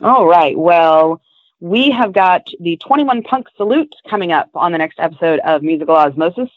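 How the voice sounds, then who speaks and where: A woman's voice: on the low side, animated, normal speed, no room sound. A woman co-hosting a podcast in casual chat, eager and bubbly, on a tinny, phone-like recording. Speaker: podcast co-host. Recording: tinny phone-like dry sound.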